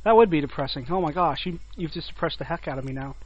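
A man's voice: fairly high pitch, fast talker, husky, dry recording. A young American man co-hosting a podcast, laid-back and joking in casual chat. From United States. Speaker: podcast co-host. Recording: dull lo-fi dry mic.

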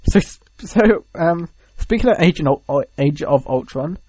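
A man's voice: on the high side, animated, a little slow, a little mellow, slightly rough, poor audio. A man in casual chat, animatedly retelling events with many fillers.

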